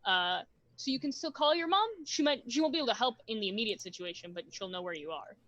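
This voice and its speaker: A woman running a tabletop role-play as game master. Her voice sits a little high. She explains outcomes in an easygoing, matter-of-fact way. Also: animated, fast talker, fairly bright tone, lo-fi sound.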